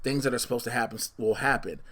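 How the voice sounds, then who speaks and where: A man's voice: medium pitch, fast, fairly bright tone. Scatterbrained man recapping TV shows casually. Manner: scattered, self-correcting, chatty, teasing listeners with spoilers. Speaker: podcast host. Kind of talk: casual solo podcast recap.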